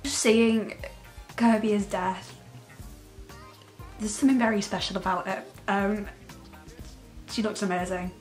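A woman giving an excited, unscripted reaction to a trailer, gushing, laughing often and close to tears. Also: mid-range voice, measured pace, pauses often, faint music behind. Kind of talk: casual, unscripted reaction commentary.

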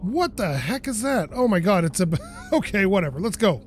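High, lively male gamer commentating. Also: moderate pace, a little hiss or hum. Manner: animated, self-talking, swearing when frustrated. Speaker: gaming channel host. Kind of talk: let's play commentary.

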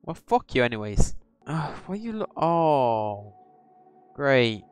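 A man's voice: medium pitch, very animated, slow, clean tone, no room sound. A man hosting a horror game let's-play, jumpy and swearing, chatting to the characters on screen. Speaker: gaming channel host.

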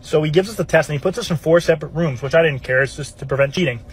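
A man's voice: fairly high pitch, racing. A young man, a college student, telling a casual storytime anecdote. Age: young adult.

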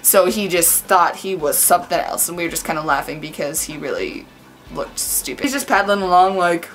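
A woman's voice: mid-range voice, fairly quick, fairly bright tone. A woman telling a story to her camera in a casual vlog, chatty and full of fillers. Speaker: vlogger.

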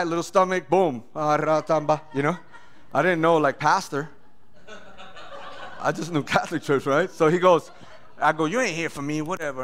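A pastor telling his testimony in a sermon, animated, acting out voices and often laughing. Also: a little high.

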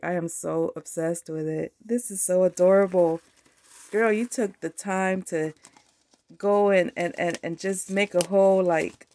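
A woman with a slightly low voice gushes over craft mail on her vlog. She is excitable and sometimes teary. Her voice drifts nearer to and farther from the camera mic. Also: no room sound. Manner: gushing, excitable, tearful at times. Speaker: craft vlogger. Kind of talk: casual unboxing chat.

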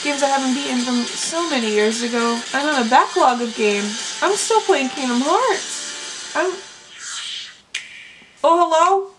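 A gaming YouTuber reacts live to a video game showcase, gasping, squealing and talking over the trailers as their audio plays behind her. Her voice sits high and sounds animated, though she takes her time, and music can be heard in the background.

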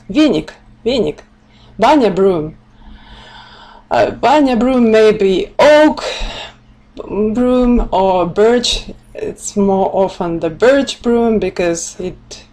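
A woman's voice: medium pitch, warm tone. A woman from Siberia with a Russian accent, giving a chatty live-streamed explanation in English as a language teacher, laughing often and mixing in Russian words. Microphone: laptop or webcam mic.

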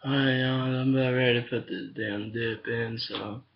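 A man's voice: medium pitch, fairly even intonation, moderate pace, vocal fry. A man in casual webcam chat, rambling and profane, recorded on a webcam mic. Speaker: vlogger. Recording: dull lo-fi webcam audio, faint hiss.

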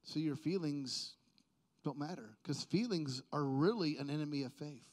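His voice fairly high, a preacher swings from soft speech to loud, stretched-out proclaiming during his sermon, tossing playful jokes to the congregation along the way.

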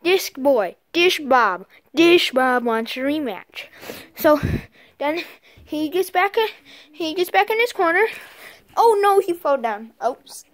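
A female host giving casual commentary on a toy fight, halting and repeating herself as she goes. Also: sits high, lively intonation, no echo. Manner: halting, repeats "and then" often. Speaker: video host.

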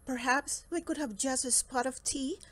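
A woman's voice: high-pitched, moderate pace, fairly bright tone, a little hiss or hum. A woman voicing a small, polite gray male mouse who is mild and apologetic, in a storybook read-aloud.

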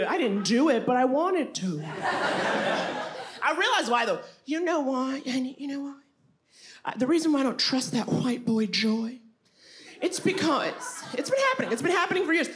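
A woman in her forties doing stand-up comedy in a sassy, animated way, often calling listeners honey. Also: high-pitched, slight background noise. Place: stage before a live audience. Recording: loud live audience laughter.

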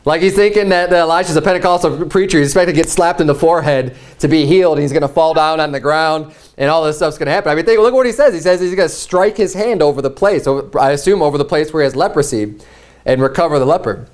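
A man preaching a sermon, reading scripture aloud and acting out the people in the story with lively, animated delivery. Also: a little high, fast. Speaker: pastor.

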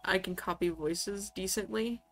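A woman's voice: mid-range voice, measured pace, a bit bright, faint music behind. A woman chatting playfully while roleplaying a game character with friends, often trailing off and restarting. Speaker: roleplay player. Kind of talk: casual Minecraft roleplay banter.

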